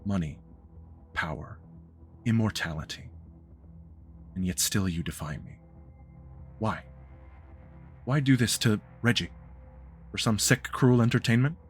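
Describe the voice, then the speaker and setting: A man voicing a cold, formal male vampire elder who speaks in measured, grave sentences. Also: on the low side, faint music behind, natural voice. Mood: stern.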